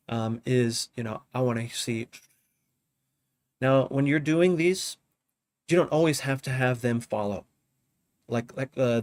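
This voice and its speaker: Casual man thinking aloud while teaching. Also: mid-range voice. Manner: relaxed, thinking aloud, often asks "you know what I mean?". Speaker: music producer teaching drum programming. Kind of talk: casual live tutorial. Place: home studio.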